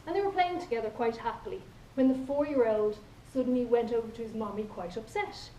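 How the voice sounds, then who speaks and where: A woman's voice: fairly high pitch, brisk, mellow, a little hiss or hum. Playful Irish woman telling stories in a hall. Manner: storytelling, playful, acts out quoted lines. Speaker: contest speaker. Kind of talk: humorous speech. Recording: echoey hall from far off.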